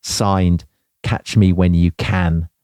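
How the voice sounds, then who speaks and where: Low-voiced man reading letters dramatically. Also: level tone, slow, clear, resonant tone, dry recording, studio quality. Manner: reads aloud with loud theatrical emphasis. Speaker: podcast co-host.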